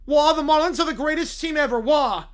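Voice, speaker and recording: A woman's voice: high voice, brisk, voice pushed up, close to an everyday voice. A man voicing a sobbing young woman baker with a put-on British accent, wailing as she talks. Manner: wailing, tearful "wah" sobs.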